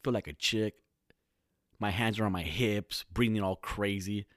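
A man's voice: on the low side, steady tone, unhurried, dry recording. Guy in his 30s from california rambling and cussing on his podcast, super dry close mic. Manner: rambling, profane, slangy. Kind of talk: casual monologue.

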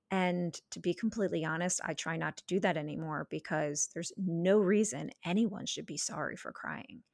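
A woman's voice: fairly low pitch, vocal fry, no room sound, clean studio sound. A woman hosting a solo podcast, talking earnestly about mental health in a rambling way, with many fillers and restarts. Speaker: podcast host.

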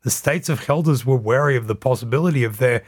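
A man narrating history for a podcast at an even, middle pitch. His telling is measured and scripted, and he drops a dry aside here and there. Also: breathy edge.

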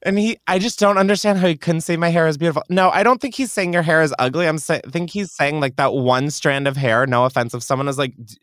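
A man's voice: on the high side, fast talker, few pauses, a bit bright, no echo, clean studio sound. A man hosting a podcast, answering callers' voice messages in a brash, profane, dramatic way. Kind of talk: casual advice chat.

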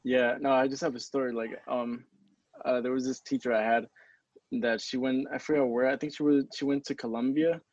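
A man guest on a podcast, telling a story in a flat, hesitant way over a dull, muffled mic. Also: medium pitch, brisk, dry recording. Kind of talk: casual podcast chat.

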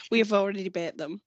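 A woman's voice: mid-range voice, no room sound, highs cut off. A woman co-hosting a true-crime podcast, bantering playfully and teasing with laughs. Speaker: podcast co-host.

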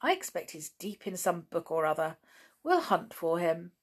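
A woman's voice: lowish voice, very animated, moderate pace, husky. A woman voicing a cheerful, sensible boy in a storybook reading, speaking with easy confidence.

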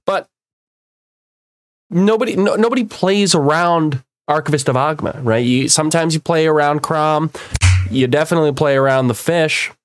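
A man's voice: fairly high pitch, normal speed, no echo. A man presenting an award with a sarcastic, opinionated rant. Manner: sarcastic, mock-quoting opponents.

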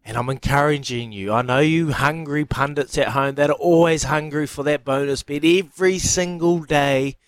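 A man's voice: fairly high pitch, normal speed, few pauses, smooth, no echo. A man hosting breakfast radio, upbeat and promotional. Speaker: radio host. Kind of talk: casual breakfast radio banter.

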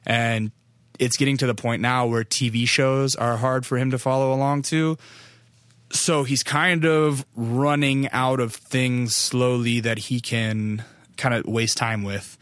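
A young American man rambles through a podcast monologue in a loose, profane way, full of likes and uhs. His voice sits at an ordinary middle pitch. The recording is close and dry, with no room sound. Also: steady tone, a little slow, fairly bright tone, no room sound. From United States. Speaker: podcast host.

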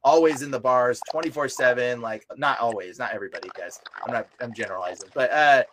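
A young man chatting casually on a podcast as a deliverance minister, telling animated stories full of filler words. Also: medium pitch, quick pace. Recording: noisy live recording with clicks.

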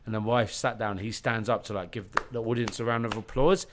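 A man talks about his documentary at a fast clip with a lowish voice. He is emphatic and profane, often restarting his sentences mid-thought. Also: steady tone, noisy background. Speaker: documentary director guest. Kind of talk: animated podcast storytelling.

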